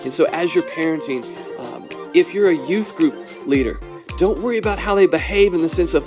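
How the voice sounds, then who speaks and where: An earnest, pastoral man delivers a devotional Bible lesson, now and then pressing harder into exhortation. His voice sits a little high for a man. Faint music plays quietly underneath. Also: lively intonation, fairly quick. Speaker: podcast host teaching the Bible.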